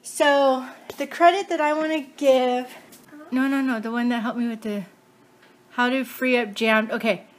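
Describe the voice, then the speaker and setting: A chatty woman with a high voice records a casual how-to vlog in her home kitchen, holding an iPad in one hand. She talks freely and breaks into loud, excited cheers. Clear background noise runs under the recording. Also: moderate pace. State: out of breath. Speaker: home DIY vlogger and mother. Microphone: iPad held in one hand.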